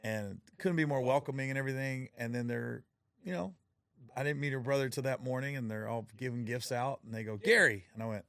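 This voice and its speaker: A middle-aged man with a gravelly, creaky voice tells stories in relaxed conversation and slips into the voices of the people he quotes. The sound is dry and close, with no room around it. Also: fairly quick, no echo. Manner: storytelling, acts out quotes with rising pitch and laughter. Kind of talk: casual chat.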